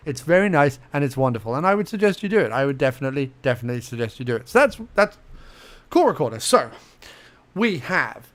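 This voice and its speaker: A man's voice: mid-range voice, big pitch swings, fast talker, fairly bright tone. A young man hosting a casual screen-recorded tutorial, chatty and playful, talking to himself as he clicks through menus. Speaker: podcast host giving a tutorial.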